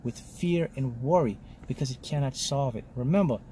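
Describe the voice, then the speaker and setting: A man's voice: mid-range voice, normal speed, warm tone, slight background noise. A man giving a motivational talk as a spiritual mentor, speaking in short, emphatic statements and often checking in with "okay?". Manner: lectures in short punchy statements.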